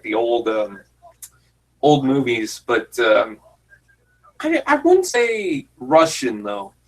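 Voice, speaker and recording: A man's voice: mid-range voice, a bit bright, poor audio. A man giving casual, jokey commentary over a fan film, rambling and self-deprecating. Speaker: YouTube commentator.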